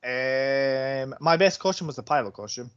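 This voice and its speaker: A man's voice: medium pitch, normal speed, a bit bright, smooth. Man, podcast co-host, wry casual award picks, muffled lo-fi sound. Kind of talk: casual film chat. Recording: dull lo-fi podcast audio.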